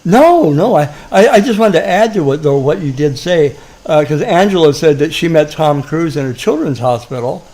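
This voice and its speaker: A man's voice: a little high, lively intonation, moderate pace, hardly any pauses, a little mellow. A man rambling through a chat, chuckling as he reads off stories. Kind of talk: casual chat.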